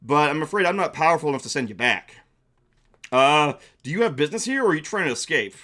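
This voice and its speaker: A man's voice: fairly high pitch, animated, quick pace, pushed and bright. A man voicing a friendly, chatty male accordion dragon who talks in a folksy, reassuring way.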